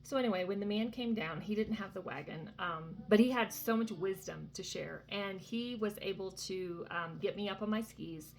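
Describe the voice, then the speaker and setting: A woman in her thirties tells a faith story in a chatty, earnest way, with lots of "um" and "you know." Her voice sits at an ordinary middle pitch. A faint hiss of room noise runs under her. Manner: chatty and earnest, many fillers and asides. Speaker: Christian vlogger. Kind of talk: casual faith testimony. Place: vacation cabin indoors.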